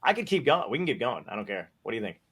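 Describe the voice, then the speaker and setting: A man's voice: mid-range voice, very animated, racing, a crowd in the background. A man hosting a podcast, a comedian rambling in casual chat, self-deprecating and swearing freely.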